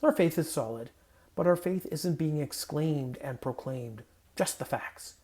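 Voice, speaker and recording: Mellow-voiced man giving a playful sermon. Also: on the high side, unhurried. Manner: conversational and playful, with self-corrections. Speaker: pastor. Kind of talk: casual sermon with scripture reading. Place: home guest room.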